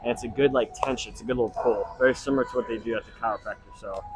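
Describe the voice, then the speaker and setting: A man's voice: mid-range voice, fairly even intonation, rapid-fire, over music, poor audio. A young man vlogging his leg workout in a gym, talking casually to viewers between sets, sometimes out of breath. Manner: casual, swears, coaching asides to viewers. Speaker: fitness vlogger. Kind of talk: casual gym vlog talk. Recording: gym ambience noise.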